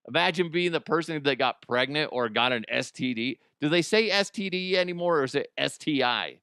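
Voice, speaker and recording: A man's voice: medium pitch, animated, moderate pace, sharp tone, smooth, no echo, clean studio sound. Profane, rambling comedy news host man. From United States. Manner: rambling, profane, laughs at his own jokes. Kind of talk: casual comedic commentary.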